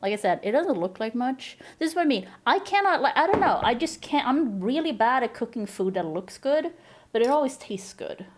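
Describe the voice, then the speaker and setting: A woman streamer chatting casually at her home desk into a desk microphone, excitable, gushing thanks, laughing and swearing. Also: fairly high pitch, brisk, slight background noise. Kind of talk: casual live-stream chat.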